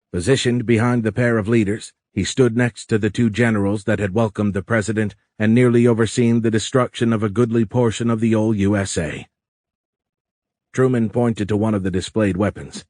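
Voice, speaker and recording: A man narrating an audiobook in a steady, even storytelling delivery. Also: lowish voice, normal speed, no room sound, studio quality. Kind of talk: scripted narration.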